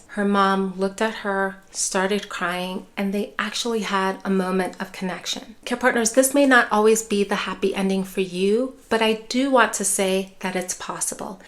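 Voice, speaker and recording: A woman dementia care educator giving a calm, measured talk with reassuring example phrases. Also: mid-range voice. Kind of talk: scripted educational talk to camera.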